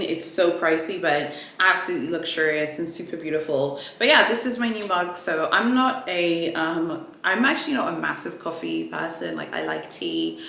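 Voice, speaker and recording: A woman vlogger chatting casually through an unboxing, animated and full of fillers. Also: low-pitched, gravelly. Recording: echoey room with faint ambient noise.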